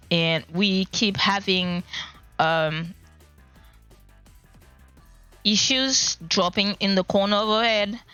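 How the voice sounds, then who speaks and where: Halting streamer with a cracking voice. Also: mid-range voice, bright, forceful tone, smooth, highs cut off. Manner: halting and stammering, repeats words. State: voice cracking with emotion. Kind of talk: casual live-stream talk. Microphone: laptop microphone.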